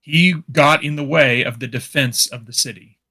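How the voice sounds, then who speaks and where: A man's voice: medium pitch, moderate pace, pushed and bright. A man, a player at a tabletop game over a voice call, speaking bluntly in character and accusing another figure. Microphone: voice call mic.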